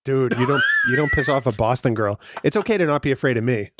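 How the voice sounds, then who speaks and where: A man's voice: mid-range voice, fast, heavy background noise. A man co-hosting a podcast, reading a sponsor spot and trading dry teasing banter. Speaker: podcast co-host. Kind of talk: casual chat and sponsor read.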